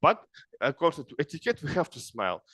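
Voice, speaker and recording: A middle-aged man from Kazakhstan gives an informal lecture in broken English. His voice sits somewhat high for a man. The recording is dry and close, and he keeps tagging "yes?" onto his points. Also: big pitch swings, fast, fairly bright tone, no room sound. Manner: broken English, frequent "yes?" tag questions. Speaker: speaker advising young people.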